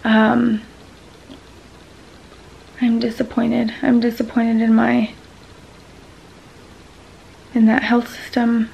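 Woman vlogger, frustrated venting, gravelly fry, flat delivery, slightly dull audio. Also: a little high, drawn-out words, pauses often, slight background noise. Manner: frustrated, venting, many ums. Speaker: vlogger sharing a medical experience. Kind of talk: casual talking-to-camera vlog.

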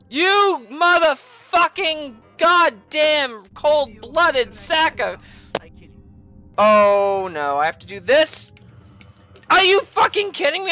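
A woman streaming a video game, raging and cursing loudly at it in heated gameplay commentary. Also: sits high, lively intonation, unhurried, faint music behind. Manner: furious profane yelling at the game. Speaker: gaming streamer.

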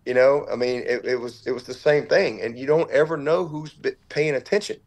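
A middle-aged man recounts a story in an interview, his words tumbling out in earnest restarts. His voice has a gravelly fry at the bottom and sits at an ordinary male pitch. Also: a little fast. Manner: earnest, tumbling storyteller who acts out what others said. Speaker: football head coach, podcast guest.

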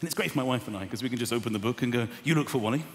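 A man in his thirties doing a stand-up comedy routine, acting out voices with big shouts and gasps. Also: mid-range voice, rapid-fire. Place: large theatre stage before a live audience. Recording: echoey theatre with long reverb and crowd noise.

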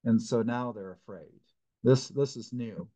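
A man's voice: mid-range voice, measured pace, warm tone, poor audio. Man leading a casual Bible study. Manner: informal, thinks aloud with fillers and restarts. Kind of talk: conversational Bible teaching. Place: church.

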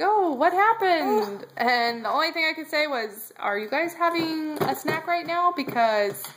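A mother vlogs at home, talking about her little girl in a loose, chatty way. Her voice sits a little high. She speaks into a handheld camera. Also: sharp tone, slight background noise. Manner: chatty, coos to her baby. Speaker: vlogger, mother. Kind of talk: casual vlog chat.

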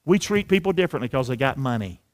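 A man preaching a sermon as pastor, energetic and colloquial, calling on the congregation to repeat lines after him. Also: medium pitch, fast. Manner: colloquial, drops into folksy slang. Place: church sanctuary.

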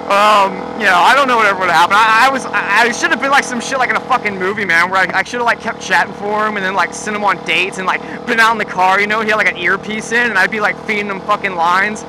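High-voiced young man rambling profanely. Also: quick pace, few pauses. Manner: profane, rambling, laughing often, many fillers. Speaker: vlogger. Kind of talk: casual storytelling vlog. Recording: clear background noise.

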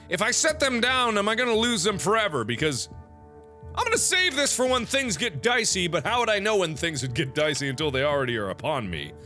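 A man giving let's play commentary on a video game, swinging between loud outbursts and mumbled planning. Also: a little high. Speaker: gaming video host. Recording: game music clearly audible behind. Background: game music.

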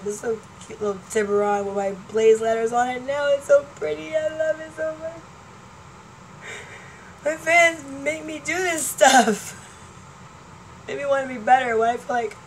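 A woman's voice: a little high, slight background noise, rough recording. Rambling, laughing woman in her forties. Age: 40s. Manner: chatty, laughing, jumps between topics. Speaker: vlogger. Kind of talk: rambling casual chat to fans.

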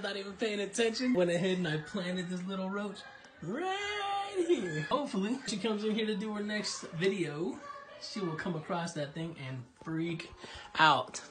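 A man's voice: high-pitched, expressive, unhurried, background noise. A man speaks to the camera in a casual, mischievous and amused way, like a brother setting up a prank. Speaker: brother pranking his sister.

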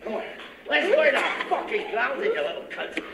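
Gravelly, mocking gangster, echoey room. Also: male voice, very high-pitched, very animated, brisk, heavy background noise, full character voice. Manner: mocking, taunting, laughing cruelly. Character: sadistic gloating British gangster, middle-aged man.

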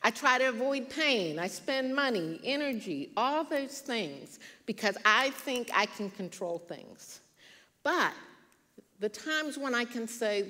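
A woman in her sixties giving an earnest devotional talk, telling a personal story with animated quoted voices. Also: medium pitch, takes it slowly. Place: church hall. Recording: church hall with long reverb.

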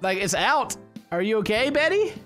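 A man's voice: high voice, expressive, normal speed, a bit bright, soft background music. A man doing let's-play commentary, rambling, laughing often and hamming up mock-romantic lines to a game character. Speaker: gaming YouTuber.

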